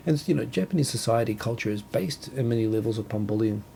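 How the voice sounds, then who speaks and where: A man's voice: mid-range voice, lively intonation, fast, gravelly, dark tone, slight background noise. A man from New Zealand with a New Zealand accent, hosting a casual solo talk show and rambling with self-corrections and chuckles. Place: home, Tokyo.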